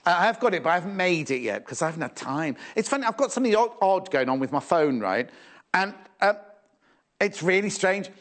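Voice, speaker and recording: Chatty, lively male shopping presenter. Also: high voice, a little fast. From England. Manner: chatty, fussing aloud, reading out viewer messages. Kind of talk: live sewing shopping TV chat. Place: TV studio.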